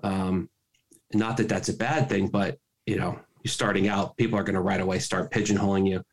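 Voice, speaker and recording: Rambling low-voiced man. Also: level tone, a little fast. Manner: rambling, self-correcting. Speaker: podcast co-host. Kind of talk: casual chat.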